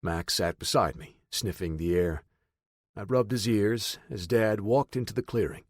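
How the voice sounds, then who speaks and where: Low-voiced man narrating an audiobook. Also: unhurried, no room sound, studio quality. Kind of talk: first-person audiobook narration.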